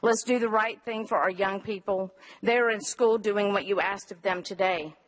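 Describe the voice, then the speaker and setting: A woman's voice: medium pitch, moderate pace, rough recording. A woman, a mother, giving an earnest and emotional prepared public comment to a city council. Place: council chamber.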